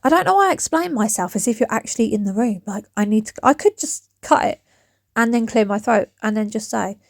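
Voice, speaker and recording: Woman DIY vlogger, about forty, chatty and rambling, slightly high voice, dry throat, close dry phone sound outdoors. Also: expressive, fairly quick, creaky, no echo. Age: around 40. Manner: rambling, chatty, loses her thread. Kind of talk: chatty vlog talk to camera. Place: outdoors in her back garden. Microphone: phone camera.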